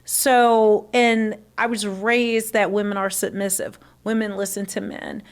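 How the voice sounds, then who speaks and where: A woman's voice: mid-range voice, flat delivery, measured pace. A woman from the American South chatting casually on a livestream, rambling with many fillers and restarts.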